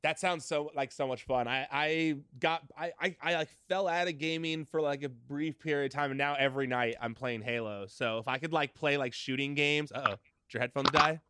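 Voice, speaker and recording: A man's voice: fairly high pitch, a little fast, pushed and bright, smooth. A man hosting an interview over a video call, chatting casually and filling his sentences with "like" and "you know.". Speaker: podcast host.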